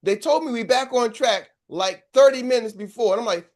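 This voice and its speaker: A man's voice: very high voice, a little fast, hardly any pauses. A middle-aged man, a sales coach giving a motivational talk, telling stories in a preachy way and calling out to his audience. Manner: preachy, storytelling, calls out to the audience. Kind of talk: motivational speech.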